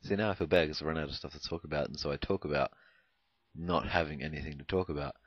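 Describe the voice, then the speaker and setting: A young man from Canada talks over his gameplay with a rumbling, very low voice. He rambles, hesitates and fills gaps with ums and likes. The recording is dry and dull, like a cheap home mic. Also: fast, no echo. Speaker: gameplay commentator. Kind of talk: rambling casual gameplay commentary.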